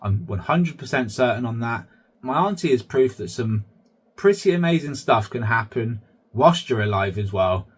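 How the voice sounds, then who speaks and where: A man's voice: mid-range voice, lively intonation, moderate pace, slightly rough. A man hosting his own vlog, chatty commentary that keeps addressing viewers as guys. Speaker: channel host.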